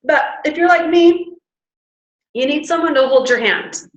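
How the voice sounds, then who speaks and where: A high-voiced woman presenting a wellness workshop gives a chatty motivational talk at a measured pace, standing before a live audience in a room. She demonstrates breathing with sighs, and the recording sounds echoey with the highs cut off.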